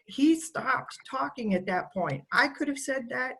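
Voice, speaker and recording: A woman's voice: a little high, expressive, measured pace, hardly any pauses, slight background noise, poor audio. A school staff member, a woman, telling fond stories about a student in a speech on a video call. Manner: warm storytelling, quotes the student fondly. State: getting emotional.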